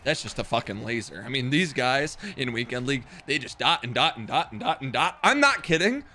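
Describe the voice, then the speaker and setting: A young man streaming a football video game, chatting casually with his viewers, excitable and swearing, with sudden loud outbursts. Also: mid-range voice, brisk, a little hiss or hum. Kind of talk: live game stream commentary.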